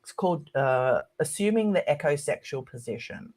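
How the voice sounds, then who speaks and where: A woman academic as a podcast guest, talking casually and ranting with animation. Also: low voice. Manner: animated ranting, quick to mimic others.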